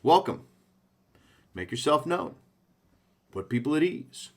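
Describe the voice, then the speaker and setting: A man's voice: a little high, sing-song, takes it slowly. A man coaching a sales team, speaking in short punchy phrases and checking in with the listener often. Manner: punchy, coaching, frequent "okay?" check-ins. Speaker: sales trainer. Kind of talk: sales training talk.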